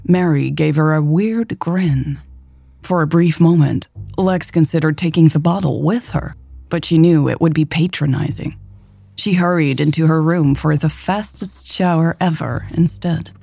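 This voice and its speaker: A woman narrating a romance story in a calm, even storytelling voice. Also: low-pitched, unhurried, vocal fry, dry recording. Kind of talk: scripted audiobook narration.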